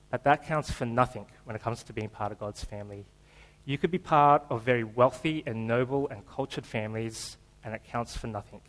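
A man's voice: medium pitch, rough recording. A man preaching a sermon in a church, in a casual, joking, conversational way. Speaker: pastor.

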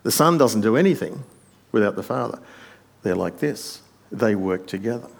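A man preaching a sermon, explaining a passage point by point and often dropping to a quiet aside. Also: fairly low pitch, animated, moderate pace, gravelly.

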